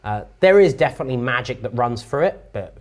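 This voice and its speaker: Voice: medium pitch, expressive, brisk. A game master narrating a tabletop game in an explanatory way, with frequent fillers.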